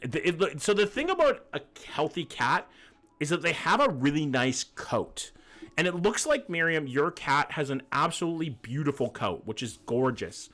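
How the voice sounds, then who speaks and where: A male streamer with a slightly high, somewhat bright voice chats casually on a livestream, reacting to pet photos his viewers send in. He's loose and jokey and swears a lot, and faint music plays in the background.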